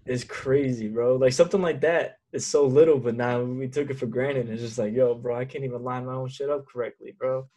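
A man's voice: mid-range voice, fairly even intonation, fairly quick, hardly any pauses, dark tone. A man, a podcast guest on a video call, talking in a loose, slangy way full of "bro" and "like". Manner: laid-back slangy talk, lots of "bro" and "like". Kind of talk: casual chat over video call.

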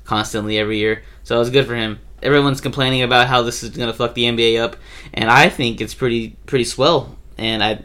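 A man's voice: mid-range voice, steady tone, fast, sharp tone. A young man hosting a casual podcast chat, joking and laughing easily. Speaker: podcast host.

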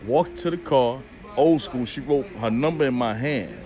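A man's voice: medium pitch, normal speed. A man who is a podcast guest, telling a personal story in a casual, profane way and acting out the dialogue. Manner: animated, profane, acts out dialogue.

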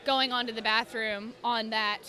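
A young woman cosplayer chats as a podcast guest with easy, animated energy. Her voice sits a little high and rings bright. She tells stories with a laugh never far off. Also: normal speed, a faint crowd. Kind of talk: casual podcast chat.

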